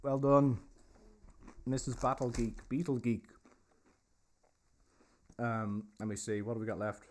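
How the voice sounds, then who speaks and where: A chatty man hosts a casual virtual pub tour and quiz. His voice sits at an ordinary middle pitch. He keeps a joking, easygoing tone, confirming answers and telling pub stories. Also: steady tone, measured pace, long pauses. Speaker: host and pub guide. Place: inside a pub.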